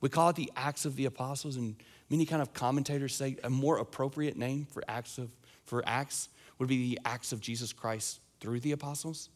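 A man's voice: medium pitch, steady tone, fairly quick. A young man preaching a sermon, earnest and emphatic, his voice swelling and dropping as he makes his points. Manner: earnest, emphatic preaching with wide swings in loudness. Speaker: pastor.

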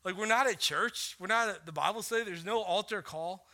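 A middle-aged man preaching a sermon as pastor, telling a family story in a casual way with many fillers, dropping to a hush and then rising to animated bursts. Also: sits high, brisk.

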